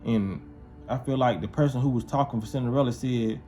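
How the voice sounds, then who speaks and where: A man's voice: mid-range voice, fast, mellow, faint music behind. Man telling a story in loose street slang. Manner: loose, repetitive, keeps asking "you feel what I'm saying". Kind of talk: casual storytelling to camera.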